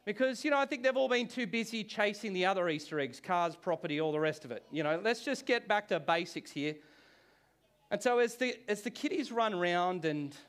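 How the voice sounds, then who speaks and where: A man, a pastor, preaching a sermon in church with animated, conversational delivery and frequent restarts. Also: high voice, a little fast, clean tone.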